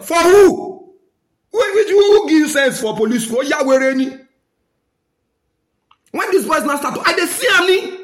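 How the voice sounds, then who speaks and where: A man's voice: very high voice, a bit bright, roomy sound. A man with a Nigerian accent giving a fiery, scolding rant to camera, slipping into Pidgin. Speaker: social commentator.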